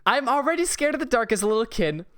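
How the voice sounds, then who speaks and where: Young man telling a story, animated and profane. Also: very high-pitched, fast, a crowd in the background. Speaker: podcast host. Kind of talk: casual storytelling chat.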